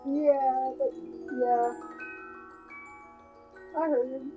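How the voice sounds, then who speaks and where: A woman's voice: high voice, slow pace, pauses often, highs cut off, faint music behind. A woman friend talking over a voice call, teasing and laughing in casual chat. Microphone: voice call over Discord.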